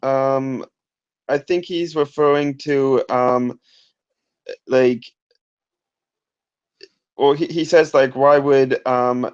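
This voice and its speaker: Co-host, man, reads chat questions slowly and haltingly, dull lo-fi sound. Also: medium pitch, steady tone, clean tone. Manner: halting, many ums and restarts. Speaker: co-host reading viewer questions. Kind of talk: reading chat questions aloud.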